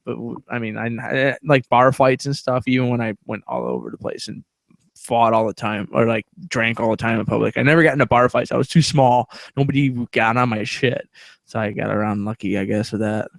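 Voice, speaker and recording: A man's voice: mid-range voice, steady tone, brisk, vocal fry, dry recording. Blunt, rambling man swearing on a podcast. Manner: blunt, profane, rambling with many fillers. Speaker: podcast co-host. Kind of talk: casual storytelling chat.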